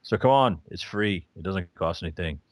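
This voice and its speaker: Podcast host, low voice, dry mic, laid-back plugs and shoutouts. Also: male voice, expressive, normal speed, dry recording. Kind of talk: casual podcast chat. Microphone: new microphone.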